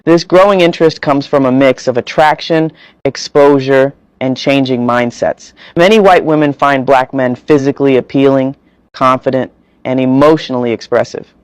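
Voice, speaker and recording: A man reads a scripted voice-over at an even, measured pace. His voice is smooth and resonant, with a dry, close sound. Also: medium pitch, no echo, rough recording. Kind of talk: scripted narration.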